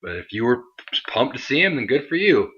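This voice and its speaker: A man's voice: mid-range voice, very animated, a little fast, slightly rough, highs cut off. A young man casually reviewing a wrestling show in a chatty, rambling way. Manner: chatty, rambling, lots of fillers. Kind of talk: casual recap monologue.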